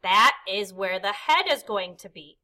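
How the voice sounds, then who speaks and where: A woman's voice: mid-range voice, animated, measured pace, sharp tone. A woman art teacher demonstrating a kindergarten clay lesson, explaining each step patiently and counting aloud. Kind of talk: instructional demonstration.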